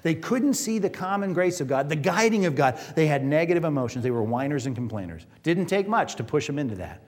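Lively, animated preaching man. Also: fairly high pitch, fast. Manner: conversational, asks the congregation questions. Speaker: pastor. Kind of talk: sermon. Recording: reverberant hall.

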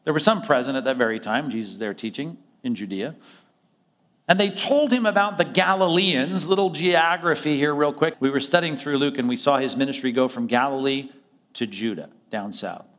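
A man's voice: mid-range voice, moderate pace, a bit bright. A male pastor preaching a conversational sermon, often acting out quoted dialogue in other voices.

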